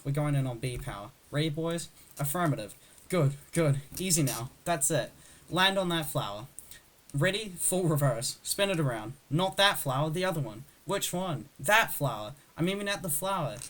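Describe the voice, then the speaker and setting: Eager young male bee, confident, rushed read, by a man in his own voice. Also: on the high side, expressive, fairly bright tone.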